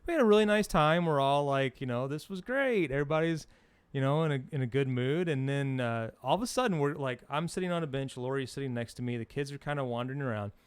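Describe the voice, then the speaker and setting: A middle-aged man co-hosting a podcast in casual chat, rambling through an animated story with plenty of fillers. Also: medium pitch, quick pace, clear, resonant tone, no room sound. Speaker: podcast co-host.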